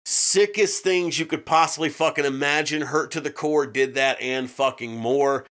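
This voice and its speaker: A man's voice: fairly high pitch, moderate pace, fairly bright tone. A man co-hosting a true-crime podcast in casual chat, swearing often and restarting his sentences. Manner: profane, with frequent restarts and fillers. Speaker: podcast co-host.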